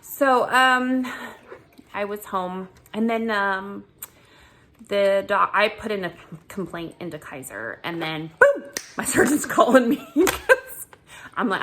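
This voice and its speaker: A woman vlogging casually about her own recent ordeal, animated and exasperated, breaking into laughter often. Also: mid-range voice, unhurried, slight background noise. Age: adult with children. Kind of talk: casual storytelling vlog.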